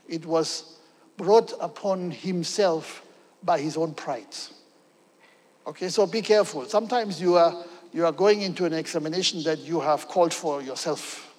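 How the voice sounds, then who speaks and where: A man preaching a sermon with emphasis, often pausing to check in with "okay?". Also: on the high side. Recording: long hall reverb.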